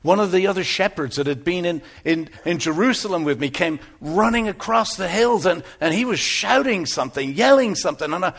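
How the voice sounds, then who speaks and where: An actor playing an aging biblical shepherd, telling his story earnestly, moving between hushed tones and exclamations. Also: high voice, lively intonation, fairly quick, hardly any pauses, heavily acted. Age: older. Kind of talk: first-person dramatic monologue.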